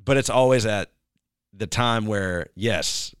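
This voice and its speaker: A man's voice: on the low side, normal speed, clean tone, no room sound, clean studio sound. A man who is a worship pastor, chatting casually and rambling with lots of fillers. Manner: rambling, filler-heavy, breaks into singing snippets. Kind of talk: casual chat.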